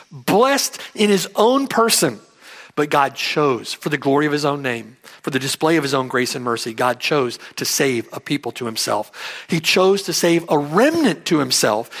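A man preaching a sermon, reading scripture aloud and stressing key words with sharp rises and falls. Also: a little high. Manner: emphatic, rising and falling sharply for stress.

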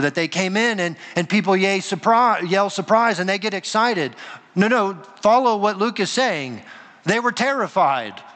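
A man preaching a sermon as pastor, earnest, with dramatic pauses and quoted voices. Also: high-pitched, sharp tone. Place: church sanctuary. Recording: long reverb of a large hall.

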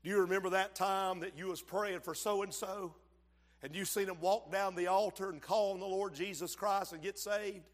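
A high-voiced man preaching, his delivery rising into shouts and falling to hushed asides as he calls out to the congregation. The sound rings with the long reverb of a church sanctuary. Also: steady tone, moderate pace. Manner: fervent preaching, swells to shouts and drops low, calls to the congregation. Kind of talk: sermon.

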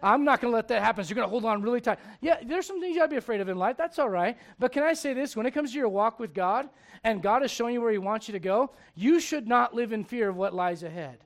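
A man in his forties preaching a sermon. He moves from loud urging to quiet confiding. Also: extremely high pitch, animated, quick pace. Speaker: pastor.

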